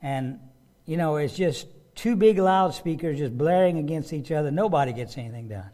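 Man, pastor, sermon, somewhat high voice, conversational, repeats himself, asks rhetorical questions. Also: lively intonation, moderate pace, dark tone. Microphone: microphone with a loose connection.

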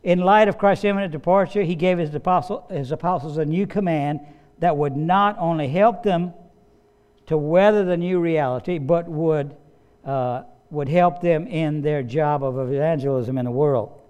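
Pastor, male, fairly high smooth voice, chatty sermon delivery with asides. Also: normal speed, a little mellow. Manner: conversational preaching with asides and occasional coughs. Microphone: slides and study sheet, speaking to a congregation.

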